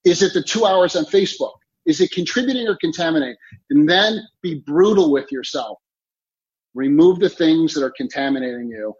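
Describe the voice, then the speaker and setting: A man's voice: fairly high pitch, lively intonation, fairly quick, darkish tone. Emphatic male time coach, lo-fi sound. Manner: emphatic, repeats key phrases, coaching tone. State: clearing throat, choked up. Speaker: interview guest, time coach and author. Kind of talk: motivational interview talk.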